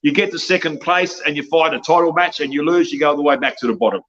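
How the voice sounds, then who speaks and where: A man's voice: a little high, fast talker, fairly bright tone, highs cut off. A man, a wrestling promoter talking bluntly and profanely in a rambling podcast chat, ending his lines with "mate".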